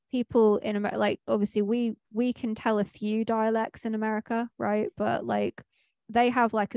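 A woman's voice: medium pitch, darkish tone, no room sound. A woman from Manchester co-hosting a podcast, chatting casually and rambling with lots of fillers and restarts. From Manchester, England. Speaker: podcast co-host. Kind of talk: casual chat.

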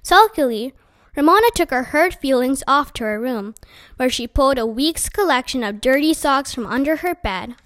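A woman reading a children's chapter book aloud with gentle, expressive narration. Her voice is high and light, and the recording is close and dry with no room sound. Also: normal speed, no room sound. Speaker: storyteller.

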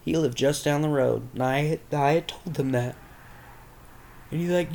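A man's voice: a little high, normal speed, vocal fry, pauses often, darkish tone. Candid young man telling a story. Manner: candid, rambling, with crude language. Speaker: podcast host. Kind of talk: personal storytelling.

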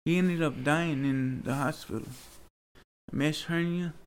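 A man's voice: on the high side, steady tone, a little slow. A man being interviewed, telling personal stories in an earnest, rambling way that turns to pleading.

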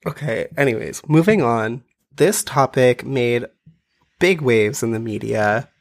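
A podcast co-host in casual chat, animated and laughing, with "like" in nearly every sentence. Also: mid-range voice, measured pace, vocal fry. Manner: animated, laughing, heavy use of "like".

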